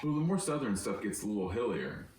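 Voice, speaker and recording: A man with a low voice co-hosts a casual chat. He jokes and laughs a lot, and his pitch swings around as he talks. He sounds far from the mic in an echoey room. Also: big pitch swings, fast talker, darkish tone, a little hiss or hum. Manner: joking, playful, laughs often. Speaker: podcast co-host.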